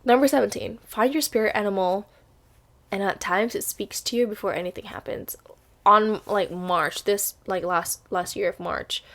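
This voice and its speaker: A woman in her twenties talking straight to camera in a chatty, upbeat vlog, often restarting her sentences. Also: medium pitch. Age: 20s. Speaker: vlogger. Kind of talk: casual vlog monologue.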